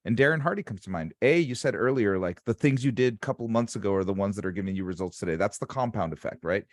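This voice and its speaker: A sales coach and podcast host runs a casual interview, speaking emphatically and motivationally. His voice is on the low side, animated and fast, recorded with clean studio sound and no echo.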